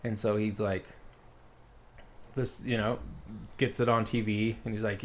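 A man's voice: on the low side, little pitch movement, normal speed, long pauses. A man casually retelling a story as a podcast co-host, rambling with lots of fillers.

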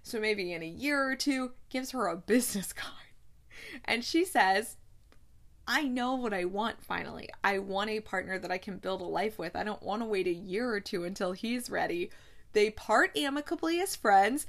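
A woman's voice: medium pitch, expressive, normal speed, a bit bright. A young woman hosting a casual movie recap, retelling scenes in a chatty, gushing way and laughing often. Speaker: movie review host.

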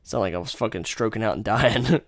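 A man's voice: fairly low pitch, fairly quick, dry recording, clean studio sound. A man ranting angrily about his critics, combative and swearing constantly in a casual monologue. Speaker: podcast host.

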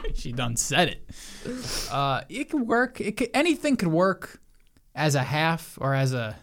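Very deep-voiced woman, dry and teasing. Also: very animated, unhurried. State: slightly tipsy. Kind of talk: casual chat.

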